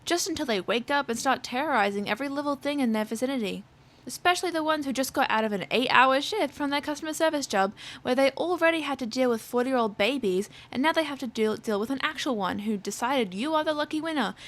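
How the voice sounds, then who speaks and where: A woman's voice: high voice, lively intonation, fast talker, a bit bright. A young adult woman telling a storytime rant in a sarcastic, profane way. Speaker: vlogger.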